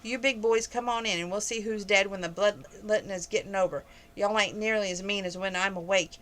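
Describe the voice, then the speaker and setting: A woman's voice: medium pitch, fairly even intonation, a little fast, a bit bright, close to an everyday voice. A woman reading aloud, voicing a fierce chained captive woman who threatens her kidnappers. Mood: furious. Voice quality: threatening, taunting.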